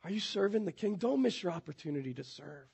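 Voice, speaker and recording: A man delivers a sermon in a high, gravelly voice that is heavily raspy. He preaches emphatically, building at times to near shouts. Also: expressive, fast talker. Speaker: pastor.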